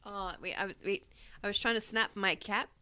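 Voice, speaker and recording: A woman's voice: medium pitch, brisk, sharp tone, a little hiss or hum. A woman co-hosting a casual comedy podcast, giggly and often laughing at herself. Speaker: podcast co-host.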